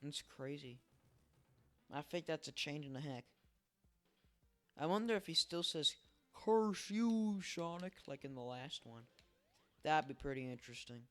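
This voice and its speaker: A man's voice: mid-range voice, moderate pace, pauses often, bright, forceful tone, soft background music. A tired man giving casual, rambling, self-deprecating commentary while playing a game at his home setup on a desk microphone. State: tired, early morning. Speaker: let's play host.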